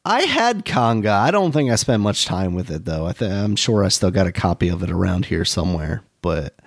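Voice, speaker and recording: A man's voice: deep voice, big pitch swings, fairly quick, gravelly. A man in his thirties co-hosting a podcast, laid-back and dry in casual chat, chuckling often. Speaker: podcast co-host.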